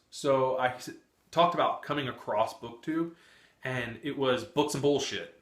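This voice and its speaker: Chatty young man, bright voice, echoey room. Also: mid-range voice, moderate pace. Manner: chatty, frequent cursing and laughter. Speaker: book vlogger. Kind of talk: casual chat.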